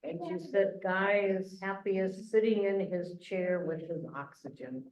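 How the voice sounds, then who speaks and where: Soft-spoken meeting chair, echoey room. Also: medium pitch, measured pace. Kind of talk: casual meeting talk. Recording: echoey, muffled room mic.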